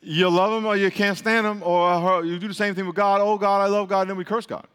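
A man preaching with a slightly high voice, drilling his congregation in call-and-response and firing off repeated prompts. His voice rings out in a hall with a long reverb. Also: steady tone, fairly quick, fairly bright tone, clear, resonant tone.

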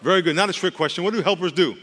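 A male pastor preaches in a loose, conversational way, cracking jokes and tossing asides to the room. His voice sits a little high, and a long reverb from a large hall trails behind every phrase. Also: very fast, fairly bright tone, some chatter behind. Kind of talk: sermon.

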